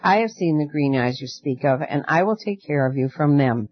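A man reading as a gentle, soothing night girl. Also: on the high side, lively intonation, moderate pace, dry recording. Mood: coaxing. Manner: soft, coaxing, earnest. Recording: dull lo-fi dry recording.

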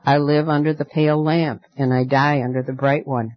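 A man reading as a gentle, soothing night girl. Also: fairly high pitch, flat delivery, normal speed, no room sound, close to an everyday voice. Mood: tender. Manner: soft, coaxing, earnest. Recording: dull lo-fi dry recording.

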